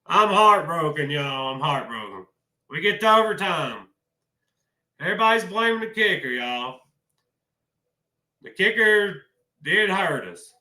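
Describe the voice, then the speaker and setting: A man's voice: sits high, animated, unhurried, pauses often, sharp tone, roomy sound. A man doing a casual sports vlog, talking emotionally and in a folksy way to his viewers. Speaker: college football commentator.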